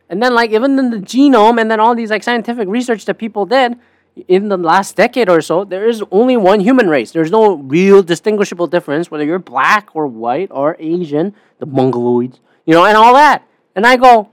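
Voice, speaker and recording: A man's voice: high-pitched, big pitch swings, a little fast, dry recording. A man hosting a podcast, telling a story in casual, sarcastic style, swearing often. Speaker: podcast host. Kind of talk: casual profane monologue.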